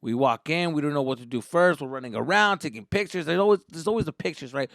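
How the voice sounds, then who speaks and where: A young man telling a comic story as a podcast host, profane and animated, jumping into voices. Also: on the high side, quick pace, gravelly, few pauses, dry recording, clean studio sound.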